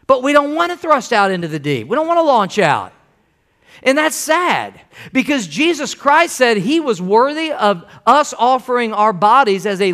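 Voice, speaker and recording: A man's voice: extremely high pitch, sharp tone. A man preaching a sermon to his church in a folksy, emphatic way, repeating phrases for stress. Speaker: pastor. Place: church sanctuary.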